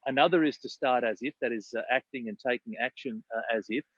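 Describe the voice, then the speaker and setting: A man's voice: medium pitch, fast talker, dry recording, dull audio. Emphatic man coaching. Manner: emphatic, repeats words and says "right?". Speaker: business coach. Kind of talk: casual podcast chat.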